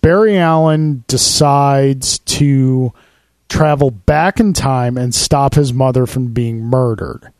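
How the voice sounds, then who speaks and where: A man's voice: medium pitch, darkish tone, dry recording. A man co-hosting a casual podcast, chatting about comics and films and explaining story plots at length. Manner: talks fast, explains stories at length. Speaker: podcast co-host.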